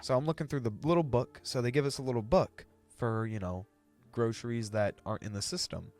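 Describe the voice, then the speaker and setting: A young man spins a casual story from his cashier days, cursing freely. His voice sits in a middle range but leaps upward when he vents. Soft music plays faintly underneath. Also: fairly quick. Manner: ranting, swings high when exasperated, profane. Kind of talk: casual retail story time.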